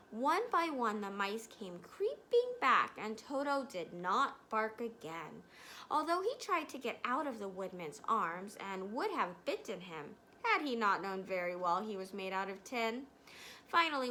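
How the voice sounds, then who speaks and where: A woman reading a storybook aloud with an expressive manner, pausing to explain words. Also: mid-range voice, slight background noise. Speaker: reader.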